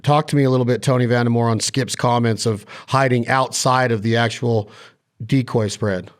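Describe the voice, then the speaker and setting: A man hosting a podcast, asking eager, halting questions with lots of restarts. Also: medium pitch, fairly even intonation. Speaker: podcast host. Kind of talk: casual chat.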